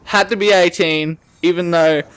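His voice is high-pitched, clear and resonant, and he talks at normal speed. A late-teens Australian who runs a gaming channel, he spins a story in a loose rant over gameplay, full of swearing, lively energy and restarted, rambling sentences.

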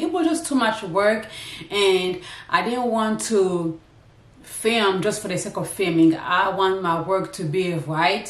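A lifestyle vlogger talks to the camera from indoors at home, her thoughts meandering in a loose, chatty way. Her voice is slightly low, and the room gives off a noticeable echo.

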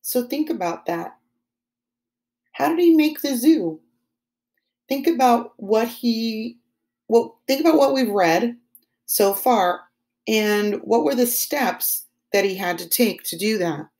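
Slow, encouraging woman teacher. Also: fairly high pitch, animated, a little mellow. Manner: slow, encouraging questions to kids. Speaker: second grade teacher. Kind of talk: online lesson for young children.

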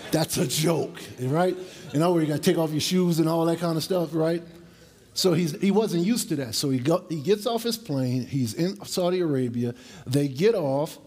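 A middle-aged male pastor delivering a sermon to his church, telling stories and jokes in a conversational way and stretching out key phrases slowly for emphasis. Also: a little high, dark tone, breathy edge. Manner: conversational storytelling preaching with jokes; slow, emphatic drawn-out phrases. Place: church service with congregation.

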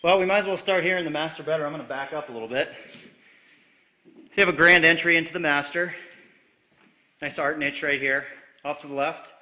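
A man's voice: a little high, brisk, pauses often, pushed and bright. A man giving a casual, upbeat and jokey walkthrough tour of a large house, filmed on a handheld camera as he walks from room to room. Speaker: real estate agent giving a property tour. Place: inside a large empty house, walking room to room. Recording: echoey empty rooms.

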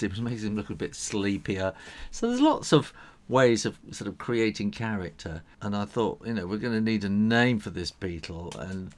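An older man teaching drawing in a casual, rambling way, chuckling often as he sketches. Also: fairly low pitch. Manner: rambling, chuckles while sketching, many fillers.

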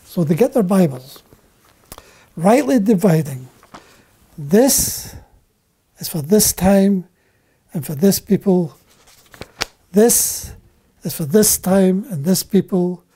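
Man preaching a bible lesson real slow, mellow warm voice, keeps repeating the key words. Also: high voice, expressive, husky. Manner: deliberate, repeats key phrases for emphasis. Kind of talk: Bible teaching sermon.

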